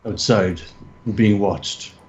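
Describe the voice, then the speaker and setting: A man's voice: fairly low pitch, takes it slowly. A man voicing a terse male schemer in a tabletop game, speaking in clipped, conspiratorial lines. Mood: urgent. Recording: dull lo-fi mic, faint noise.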